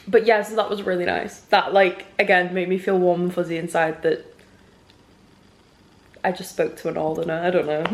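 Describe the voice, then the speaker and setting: A woman's voice: medium pitch, background noise. Chatty young Mancunian woman vlogging. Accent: Northern English, Manchester. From Manchester, England. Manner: rambling and chatty, lots of "like" fillers. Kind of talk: casual chatty vlog. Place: outdoors walking around town, then a salon.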